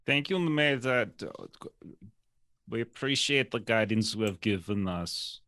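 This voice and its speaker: A man's voice: lowish voice, expressive, unhurried, bright, forceful tone, no room sound, studio quality, exaggerated voice. Man playing a dreamy, earnest mystic soldier.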